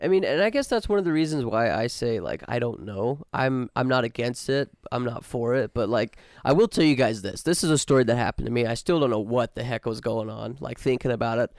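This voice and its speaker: Man, podcast host, gravelly texture, dry close sound, casual storytelling. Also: mid-range voice, brisk, few pauses, no room sound. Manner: relaxed storytelling, slangy. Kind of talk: casual chat.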